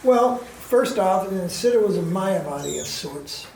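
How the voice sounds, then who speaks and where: A man's voice: sits high, lively intonation, measured pace, vocal fry, darkish tone, slight background noise. A man being interviewed as a spiritual teacher, telling stories in a candid, colloquial way and firing off emphatic rhetorical questions. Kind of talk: candid conversational storytelling. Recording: roomy echo.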